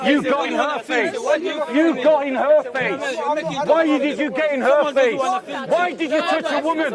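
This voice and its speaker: A man giving an open-air debate speech outdoors, shouting repeated accusing questions at the people around him. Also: extremely high pitch, unhurried. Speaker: street speaker. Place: outdoor park speaking area. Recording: distant mic, crowd around.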